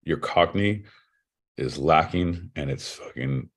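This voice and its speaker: A man's voice: very deep voice, slow. A man co-hosting a podcast, swearing a lot and teasing his partner in casual comedic banter. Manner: profane, teasing, animated. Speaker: podcast co-host.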